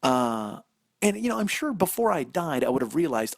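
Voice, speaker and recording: A man's voice: on the high side, big pitch swings, normal speed, creaky, no echo. Man, forties, solo comedy podcast, rambling, profane, self-mocking, dry close sound. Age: 40s. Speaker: podcast host. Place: indoors in a house. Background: dog barking.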